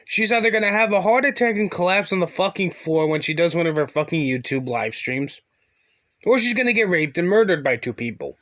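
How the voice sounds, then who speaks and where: A man's voice: high-pitched, animated, a little fast, fairly bright tone, no room sound, studio quality. A man giving mocking, sarcastic commentary over a video, crude and insulting.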